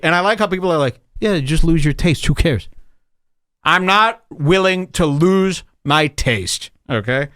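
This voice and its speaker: A man's voice: on the high side, a bit bright, no echo, studio quality. A man hosting a podcast, telling rambling, sarcastic stories in a casual comedic chat. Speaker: podcast host.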